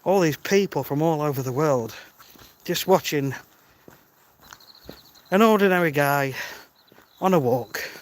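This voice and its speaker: Slow-talking man on a dawn walk. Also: on the high side, lively intonation. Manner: chatty, greets viewers by name. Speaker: vlogger on a live-streamed walk. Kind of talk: casual live-stream chat. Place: outdoors on a village road at dawn, walking. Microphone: phone held while walking.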